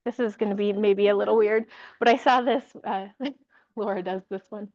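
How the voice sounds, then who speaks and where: A woman teaching a yoga class, giving calm, encouraging cues and laughing lightly now and then. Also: medium pitch, normal speed, no echo, muffled recording. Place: yoga studio with music.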